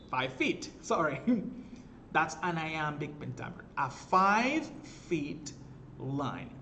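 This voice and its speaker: Male literature teacher, fairly high voice, patient explainer who self-corrects, soft hiss behind. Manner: explanatory, checks in with "all right?", corrects himself. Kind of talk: recorded class lecture.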